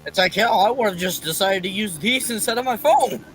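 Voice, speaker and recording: A man's voice: high-pitched, moderate pace, music in the background, low-quality recording. A man in casual chat, laughing and adding short quips. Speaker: panel listener.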